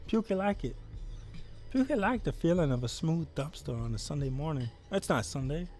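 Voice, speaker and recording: Man putting on Pukey Pete, whiny high dumpster dweller. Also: animated, moderate pace, a little mellow, faint music behind, lightly acted. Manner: broken grammar, whiny. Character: grimy grown man living in a dumpster, childlike, talks about himself in third person. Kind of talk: improvised comedy voice on a live stream.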